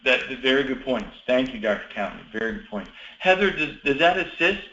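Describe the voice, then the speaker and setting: A man hosting an online meeting for student teachers, encouraging and apologetic, with many halting restarts. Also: mid-range voice, sing-song, bright, forceful tone, echoey room, muffled recording.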